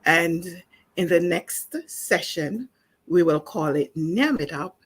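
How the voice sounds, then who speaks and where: A woman from Jamaica teaching a spoken language lesson in a calm, explanatory way, with small restarts. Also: on the low side, slow pace, breathy edge.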